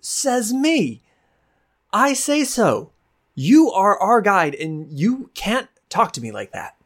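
A woman's voice: medium pitch, big pitch swings, takes it slowly, voice pushed up. A woman voicing a short, prickly female adventurer who talks in an indignant, clipped way.

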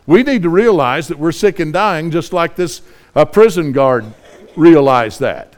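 Male preacher, middle-aged, slightly high voice, fervent pleading sermon delivery. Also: lively intonation, a little slow. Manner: impassioned, rising pleas then quiet scripture reading.

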